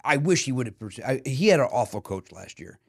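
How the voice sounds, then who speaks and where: A middle-aged man with a Chicago accent, a comedian guest on a podcast, chatting in an animated, wisecracking, self-mocking way. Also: medium pitch, fast, creaky, slightly rough. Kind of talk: casual podcast chat. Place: podcast studio.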